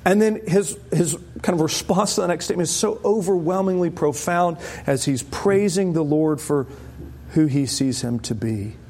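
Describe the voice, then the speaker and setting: A man preaching a sermon to a congregation, animated and emphatic, often rising sharply in pitch for stress. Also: moderate pace.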